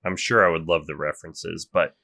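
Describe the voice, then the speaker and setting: A man's voice: sits low, fairly even intonation, fairly quick, creaky, pushed and bright. A young man co-hosting a podcast in casual chat, talkative, often trailing off and restarting his sentences. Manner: chatty, trails off and restarts, self-described gamer. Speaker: podcast co-host.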